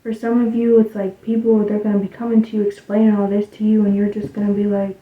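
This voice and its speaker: A woman giving a casual spiritual card reading, rambling loosely and dropping into soft muttered asides. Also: mid-range voice, level tone, quick pace. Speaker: tarot reader. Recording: tinny, phone-like sound in an echoey room.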